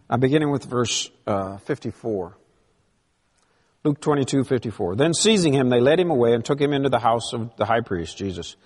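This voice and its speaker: A man's voice: mid-range voice, breathy edge, in a large hall. A man preaching a sermon, reading scripture aloud with emphatic rises and drops in his delivery. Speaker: pastor.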